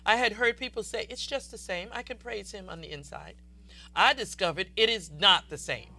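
Woman preacher, fervent sermon, very bright and cutting tone, exuberant declarations. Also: medium pitch, moderate pace, breathy edge.

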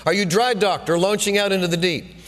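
A man voicing God as a stern male drill sergeant who barks rapid-fire challenges like a coach at halftime. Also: sits high, fairly even intonation, fairly bright tone. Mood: demanding. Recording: long hall reverb.

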